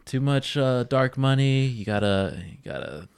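A man's voice: mid-range voice, expressive, measured pace, clean tone, dry recording. A man on a casual podcast who talks hesitantly, trailing off with many fillers. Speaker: podcast co-host. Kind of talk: casual chat.

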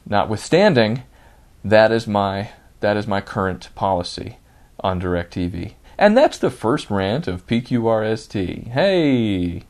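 A married man hosting his own comedy podcast, ranting with growing indignation and then settling into relaxed storytelling. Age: adult, married. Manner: indignant ranting, rising loud and high when worked up. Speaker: podcast host and stand-up comic. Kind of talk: solo comedy podcast rant.

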